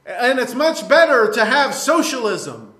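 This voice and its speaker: A man preaches a fiery sermon, scolding his listeners in a fairly high voice. His words ring out through a roomy, echoing church space. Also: big pitch swings, a little slow, sharp tone.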